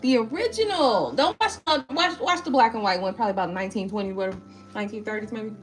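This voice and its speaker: A woman's voice: fairly high pitch, animated, quick pace, soft background music. A woman tarot reader on a live stream, reading viewer comments in rambling, casual talk full of swearing and tag questions.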